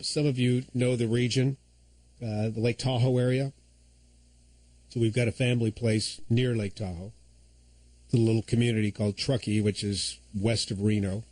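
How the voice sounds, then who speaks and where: A man's voice: mid-range voice, darkish tone, no echo, poor audio. A man filling in as host of a talk radio show, telling stories and giving opinions in a conversational monologue on a studio microphone.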